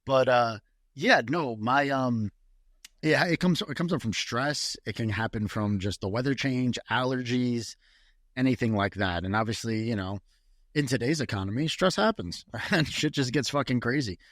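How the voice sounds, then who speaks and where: A podcast co-host with a mid-range, slightly bright voice chats casually at normal speed, rambling with restarts and swearing often. The recording is dry and studio-clean.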